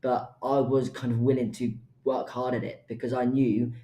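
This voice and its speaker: A man's voice: mid-range voice, little pitch movement, normal speed, muffled recording. Earnest young man in an echoey room. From United Kingdom. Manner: earnest, stammers at times. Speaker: guest podcaster. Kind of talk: emotional personal story. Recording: roomy echo.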